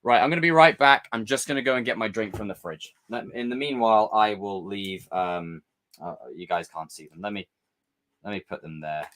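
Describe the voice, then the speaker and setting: A man's voice: fairly low pitch, normal speed. A man hosting a casual live stream, chatting with his viewers and joking with them. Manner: animated, jokey, talks to chat.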